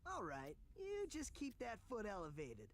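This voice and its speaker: An easygoing young video game hero, high and hugely bouncy in pitch. He drawls his wry lines slowly over a faint hiss. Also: huge pitch swings, full character voice.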